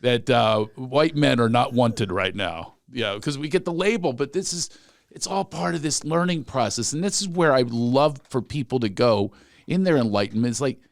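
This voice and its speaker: Comedian host, man, lively swooping delivery, dry close mic, teasing tone. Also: medium pitch, normal speed, gravelly, dry recording. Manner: playful, teasing, animated. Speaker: podcast host. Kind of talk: casual podcast chat.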